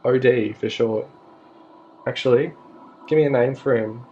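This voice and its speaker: A man's voice: medium pitch, measured pace, a little mellow. A man with an Australian accent tells a rambling, self-mocking storytime to his vlog camera in a casual chat. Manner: chatty, rambling and self-mocking, with frequent asides. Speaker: vlogger. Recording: slightly dull audio with faint background hiss.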